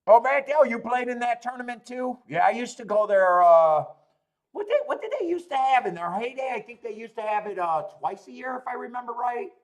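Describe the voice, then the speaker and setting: Casual male stream host, 30s, fairly high, lively pitch, profane and rambling. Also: brisk. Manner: swears freely, rambling, laughs often. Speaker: host of a live streaming show. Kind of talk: casual chat reading live chat.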